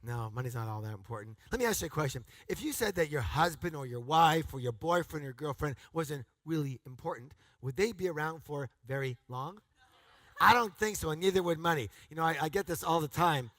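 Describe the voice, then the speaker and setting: Bright, punchy motivational seminar man. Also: on the high side, brisk, no echo. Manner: energetic and emphatic, with call-and-response to the audience; bursts into loud, punchy exclamations. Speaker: seminar speaker. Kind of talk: motivational seminar talk to a live audience.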